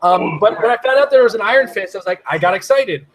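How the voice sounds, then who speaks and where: A man hosting a casual chat who rambles excitedly and laughs often. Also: sits high, fast talker, poor audio. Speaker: podcast host.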